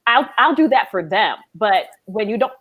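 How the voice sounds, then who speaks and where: A woman in recruiting talking in a casual chat on a video call, direct and opinionated and quick to push back. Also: medium pitch, animated, slightly rough, phone-quality sound.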